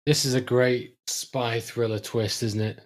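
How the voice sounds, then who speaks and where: A man making quick jokes in a casual podcast film commentary. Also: medium pitch, fairly even intonation. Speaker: podcast co-host.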